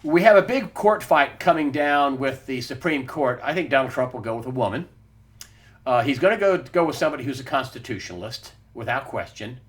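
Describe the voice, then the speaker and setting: A man's voice: medium pitch, lively intonation, brisk. A man hosting a weekly news wrap-up, giving emphatic, combative political commentary and calling his listeners "folks.". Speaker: host of a weekly news show.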